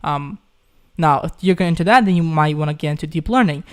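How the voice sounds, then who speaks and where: A man's voice: on the high side, fairly quick, clean tone. Chatty young man hosting a live Q&A. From Ukraine. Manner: chatty, reads chat questions aloud, says "guys" often. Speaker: live stream host. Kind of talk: casual live Q&A.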